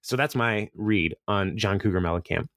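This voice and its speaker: A man's voice: fairly low pitch, normal speed, fairly bright tone, dry recording, studio quality. A man hosting a podcast, casually recapping episodes, rambling and often laughing as he quotes characters. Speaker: podcast host.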